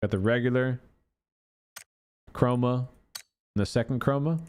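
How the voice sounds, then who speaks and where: A man's voice: medium pitch, unhurried, a little mellow, smooth. Casual man musing over game skins. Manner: thinking aloud, chatty, fond of filler words. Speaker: gaming YouTuber. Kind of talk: casual gameplay commentary.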